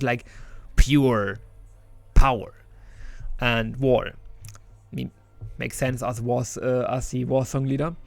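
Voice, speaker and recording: A man's voice: medium pitch, dry recording. Chatty man reviewing a game. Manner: chatty and enthusiastic, with many restarts and some laughs. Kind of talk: casual spoken game review.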